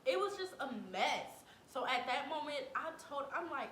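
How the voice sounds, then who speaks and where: A young adult woman telling a personal story to camera in a dramatic, animated way, full of slang. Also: normal speed. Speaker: vlogger. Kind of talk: storytime vlog. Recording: echoey room, faint rumble.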